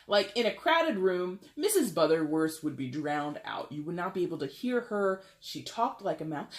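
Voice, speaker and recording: A tarot reader giving a casual, chatty reading, animated and jokey. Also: mid-range voice, moderate pace, few pauses.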